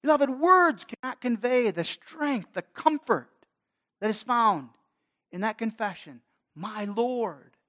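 Male pastor, sermon delivery, dynamic swells and hushed drops. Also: extremely high pitch, animated, takes it slowly. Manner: dynamic preaching, swelling and dropping in force.

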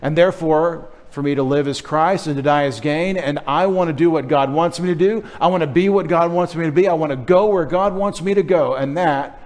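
A middle-aged pastor preaching a sermon, teasing and coaxing the children in the congregation. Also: male voice, on the high side, fairly quick, few pauses, a little mellow.

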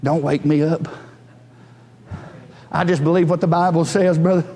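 Male preacher, high voice, fervent sermon, long church-hall reverb. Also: fairly even intonation, normal speed. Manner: fervent preaching, climbs to high shouted cries. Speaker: pastor. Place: church sanctuary.

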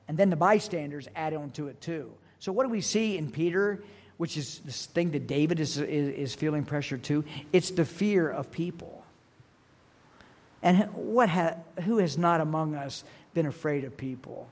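A man's voice: fairly high pitch, normal speed. A male pastor preaching an evening sermon, telling stories earnestly and repeating his key lines for weight. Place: church sanctuary. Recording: long hall reverb.

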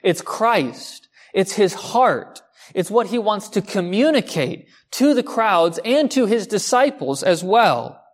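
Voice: mid-range voice, big pitch swings, slow pace. Conversational preacher asking rhetorical questions. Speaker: pastor. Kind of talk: sermon.

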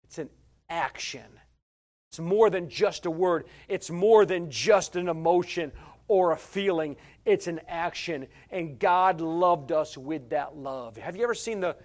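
A middle-aged pastor with a voice on the high side preaches a sermon, swinging between loud, emphatic lines and quiet conversational asides. He repeats phrases and stumbles over fillers.

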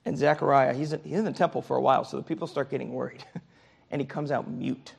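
Male Bible teacher, gravelly voice, keeps checking in with the class. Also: medium pitch, fairly even intonation, fast talker. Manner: conversational, often checks in with "okay?" and "right?". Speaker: Sunday school teacher.

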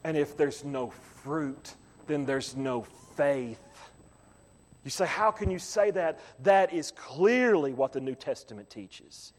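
A man preaching a sermon as pastor, swinging from quiet, low asides to loud, rising calls. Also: animated, slow, in a large hall.

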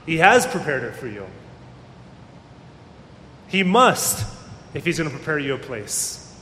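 A man's voice: very animated, a little slow, sharp tone. A man preaching a sermon as a pastor, talking casually and acting out the people he quotes. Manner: conversational, acts out quoted voices. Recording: echoey hall with faint rumble.

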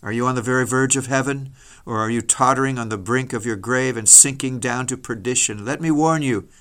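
A man preaching a solemn, dramatic sermon, mostly slow and grave with sudden rises in force. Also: mid-range voice, vocal fry, a bit bright. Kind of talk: sermon reading.

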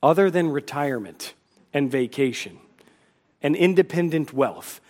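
Guy pastor w a highish voice preaching hard, lots of rhetorical questions, bit of dry humor. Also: a little slow, a little mellow. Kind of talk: sermon.

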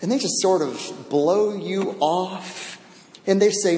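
Man, preacher, high lively voice, acts out quotes, roomy hall with long echo. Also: measured pace. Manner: animated, acts out quoted voices, repeats words. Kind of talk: sermon. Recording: echoey hall.

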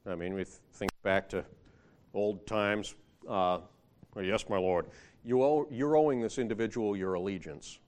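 A man's voice: fairly low pitch, moderate pace, darkish tone. A man preaching a sermon in a conversational way, often asking the listeners rhetorical questions and rising in emphasis when he quotes scripture.

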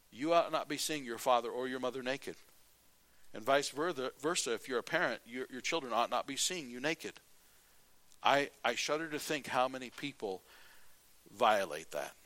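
A man preaching a sermon as pastor, telling stories in a lively way and reading scripture aloud. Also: medium pitch, normal speed. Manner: animated storytelling, then plain scripture reading.

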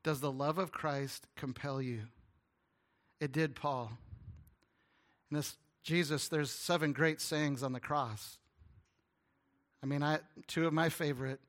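A man preaching to his congregation, his voice sitting a bit high with a bright, forceful edge. He tells stories and acts out small back-and-forth dialogues. His delivery swings between soft, hushed passages and loud ones. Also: steady tone, unhurried, long pauses. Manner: storytelling preacher, dropping to hushed tones and rising to loud ones. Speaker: pastor. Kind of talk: sermon.

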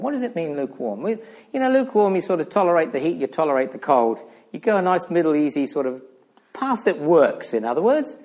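A man preaching a sermon in a church, animated, full of rhetorical questions, swinging between loud emphasis and hushed asides. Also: on the high side, fairly quick.

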